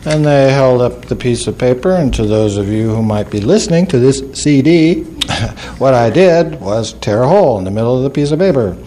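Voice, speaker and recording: A man's voice: medium pitch, expressive, moderate pace, warm tone. A man telling folksy, humorous stories to an audience, mocking himself with a dry wit. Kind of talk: storytelling talk to an audience.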